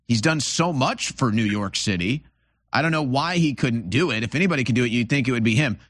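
A man's voice: mid-range voice, lively intonation, a little fast, a bit bright, no echo, clean studio sound. A man hosting an interview, talking in a rambling, opinionated way with lots of restarts. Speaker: host. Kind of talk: casual interview talk.

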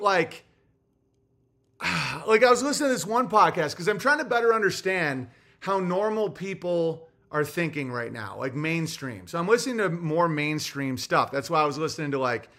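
A man, a comedian, talking casually on his livestream, ranting with lots of swearing and swinging from loud bursts to low muttering. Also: animated, moderate pace. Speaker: comedian streamer.

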